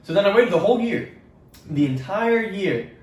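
A man's voice: high voice, animated, moderate pace, far from the mic. A young man on a podcast, rambling through school stories with lots of swearing and acted-out quotes. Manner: rambling, profane, acts out quotes. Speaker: podcast co-host. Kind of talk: casual podcast storytelling. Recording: echoey room, off-mic with faint noise.

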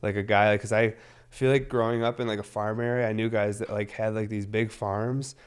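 Man, 30s, low voice; loose, filler-heavy, profane vlogger chat. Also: little pitch movement, fairly quick, smooth. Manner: loose, rambling, heavy on fillers, swears often. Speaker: cannabis vlogger. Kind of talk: casual rambling monologue.

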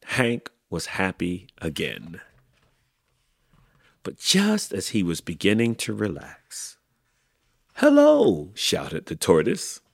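Low husky guy reading a kids book slowly, lots of ups and downs, dry close sound. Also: no echo. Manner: slow, expressive storytelling. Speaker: podcast host. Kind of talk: reading a children's book aloud.

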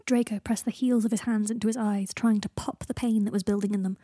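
A woman reading fan fiction aloud in a hushed narration. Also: medium pitch, steady tone, quick pace, slightly rough, dry recording, studio quality. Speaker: reader.

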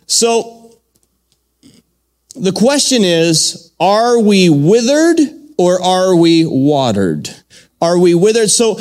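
Preaching man with a lively high voice. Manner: fervent preaching with repetition and call-and-response. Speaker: pastor. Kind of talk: sermon.

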